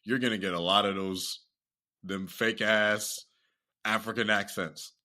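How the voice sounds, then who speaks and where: A man from the US hosting a casual podcast chat, talking in an animated, profane way and laughing often. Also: lowish voice, measured pace. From United States. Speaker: podcast host.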